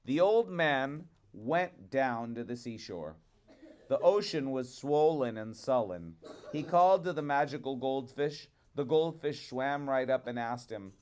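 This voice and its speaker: A man reading a fairy tale aloud to children in a rhythmic, expressive way. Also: medium pitch, a little slow. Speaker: storyteller.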